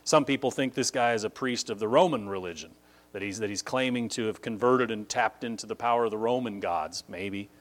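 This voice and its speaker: Brief: male Bible teacher, conversational lecture, emphatic with sudden high pitch leaps on key words. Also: a little fast. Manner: conversational, with frequent "like" and restarts.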